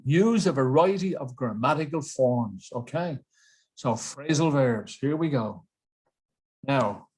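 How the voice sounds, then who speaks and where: A man teaching an online English lesson to a webcam, playful and jokey, repeating words for drilling. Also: a little high.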